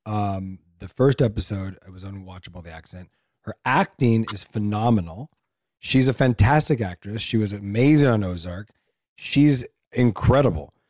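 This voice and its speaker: A man co-hosting a casual talk show, halting and full of restarts, bluntly opinionated. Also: on the low side, darkish tone, no room sound, clean studio sound. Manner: halting, many restarts and fillers. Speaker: co-host. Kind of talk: casual chat.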